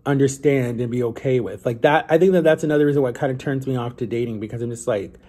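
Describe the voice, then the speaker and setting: A man's voice: mid-range voice, mellow, husky. A young man vlogging in a casual, rambling way, with many "like"s and self-corrections as he talks to his viewers. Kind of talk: casual confessional vlog talk.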